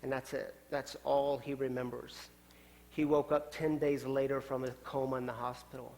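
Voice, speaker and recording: A male pastor telling a story in a sermon, swinging from loud, urgent lines down to quiet, hushed ones. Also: mid-range voice, level tone, moderate pace. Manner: dramatic shifts from loud to hushed. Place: church sanctuary. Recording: long church hall reverb.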